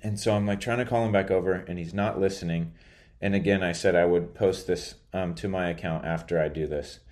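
A man's voice: sits low, darkish tone. A man podcaster telling a story in a casual monologue, rambling and hesitant, drowsy after a nap. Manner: rambling, hesitant, many filler words.

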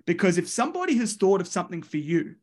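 Australian male wrestling coach, high voice, lively storyteller who does the voices. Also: quick pace. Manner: lively, voices the people in his stories. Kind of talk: animated storytelling.

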